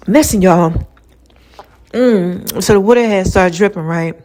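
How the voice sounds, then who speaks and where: A woman hosting her own podcast, talking casually and chattily with slang, swinging between loud laughing bursts and low murmurs. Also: measured pace, pauses often, slight background noise. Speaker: podcast host. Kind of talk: casual rambling monologue. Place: room with lights and a mirror.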